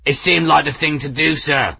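A male narrator voicing an eager, sheepish ship engineer who answers his captain in loud, quick military replies, in an audiobook reading. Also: on the high side, vocal fry, breathy edge, no echo, voice pushed up, full character voice.

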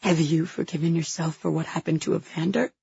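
Woman narrator doing a grieving young woman: hoarse, tearful, halting, with a gravelly edge. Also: low-pitched, fairly even intonation, mellow, dry recording, highs cut off, heavily acted. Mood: bitter. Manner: halting, choked with grief. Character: grieving young woman confessing a friend's death.

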